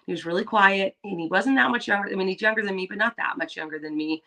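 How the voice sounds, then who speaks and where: Bright-toned woman telling stories. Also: mid-range voice, quick pace. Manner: animated storyteller, acts out quoted voices. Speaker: podcast co-host. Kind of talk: casual storytelling chat.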